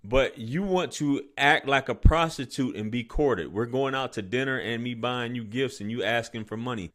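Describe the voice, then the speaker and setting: A man giving blunt, mocking commentary as he reacts to a clip, his pitch swinging widely. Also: a bit bright.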